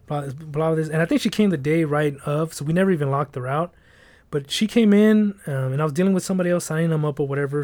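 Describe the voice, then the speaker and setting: A man's voice: on the high side, darkish tone. A man chatting casually, telling rambling stories about his old job at a storage facility and swearing freely. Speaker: former storage facility office worker. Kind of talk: casual chat.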